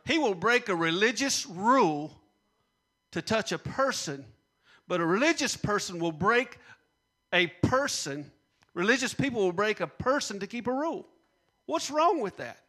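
A man's voice: high voice, lively intonation, moderate pace, pushed and bright. A man preaching a sermon, repeating punchlines and leading call-and-response with the congregation. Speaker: pastor.

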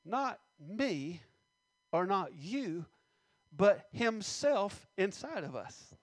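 A man preaching a sermon, reading scripture slowly and stressing words, with many questions to the congregation. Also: high voice, big pitch swings, no room sound.

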